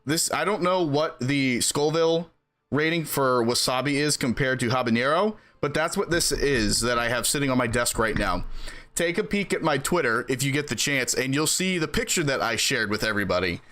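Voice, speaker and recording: A man streaming, chatting casually with his viewers in an animated way and laughing between sentences. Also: medium pitch, normal speed, slight background noise. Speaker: game streamer.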